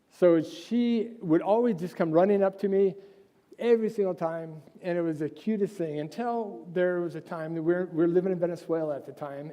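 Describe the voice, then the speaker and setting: A man's voice: fairly high pitch, dark tone. A man from California giving an informal Sunday school sermon, telling stories earnestly and conversationally with frequent restarts. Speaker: missionary speaker at Sunday school. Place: large echoey church room. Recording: long reverb from a hall.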